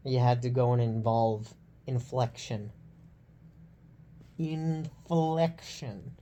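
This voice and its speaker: A man drifts through a slow, meandering monologue, wandering from tangent to tangent and poking fun at himself. His pace is unhurried and drawn out. He is lying on a floor indoors, speaking up into a phone he holds over his face. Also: mid-range voice, a little mellow, a little hiss or hum. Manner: meandering, self-deprecating, talks in loose tangents. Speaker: vlogger. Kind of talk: rambling casual monologue to camera. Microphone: phone held overhead in one hand.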